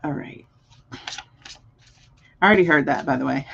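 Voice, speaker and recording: A woman hosting a live tarot reading stream, chatting casually with viewers, animated and laughing often. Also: on the low side, moderate pace, gravelly, long pauses, muffled recording, a little hiss or hum. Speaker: tarot reader and stream host.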